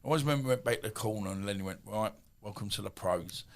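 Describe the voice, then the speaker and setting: A man in his fifties with an Essex accent, telling stories as a podcast guest in a rambling, animated way with many asides. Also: fairly low pitch, racing. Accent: Essex English. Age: 50s. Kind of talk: casual storytelling.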